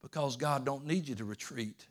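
A man's voice: mid-range voice, moderate pace. Preacher man telling a story. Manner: storytelling preacher, swings from hushed to emphatic. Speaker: pastor. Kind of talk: sermon.

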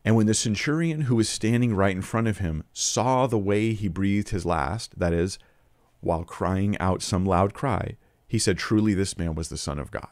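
A man's voice: lowish voice, normal speed, a little mellow, no echo, studio quality. A man giving an earnest, argumentative spoken commentary for a video, quoting scripture and often restarting his phrases. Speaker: Christian apologetics video presenter.

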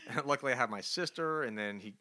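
A man's voice: medium pitch, fast talker, bright, forceful tone. A man co-hosting a casual comic book review podcast, recapping the story with sarcastic mockery and rhetorical questions. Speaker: podcast co-host.

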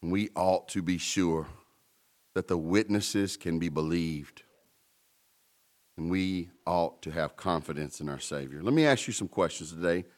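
Man, pastor preaching, lowish voice, chatty with emphatic peaks. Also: unhurried. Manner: conversational preaching with playful asides, rising to emphatic peaks. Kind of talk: sermon.

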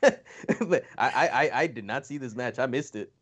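A man's voice: mid-range voice, expressive, moderate pace. A man co-hosting a wrestling podcast in casual chat, laid-back and jokey, often laughing.

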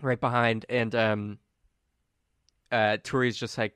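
A man narrating as game master in a relaxed way, with many fillers. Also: mid-range voice, fairly quick, clean tone, no room sound, studio quality.

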